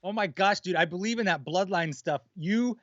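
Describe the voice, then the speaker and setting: A man's voice: high-pitched, normal speed, fairly bright tone, no room sound, highs cut off. A man co-hosting a live stream, telling anecdotes in a laid-back way, swearing and laughing often. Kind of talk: casual storytelling chat.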